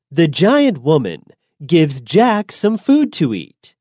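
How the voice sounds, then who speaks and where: A woman narrating a simple storybook in a clear, deliberate way for learners. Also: low voice, huge pitch swings, warm tone, dry recording, studio quality.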